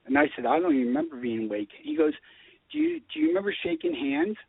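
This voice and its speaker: A man calls into a radio chat and tells his story with lively, swooping pitch. His voice is slightly high and gravelly. The sound is dry and comes through a tinny phone line. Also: fast talker, no echo. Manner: animated storyteller acting out dialogue. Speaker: guest telling his story.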